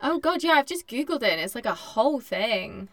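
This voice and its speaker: A woman in her late twenties co-hosting a podcast, chatting casually with quick asides and frequent laughs. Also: on the high side, sing-song, a bit bright, no echo. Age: late 20s. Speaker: podcast co-host. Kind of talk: casual chat.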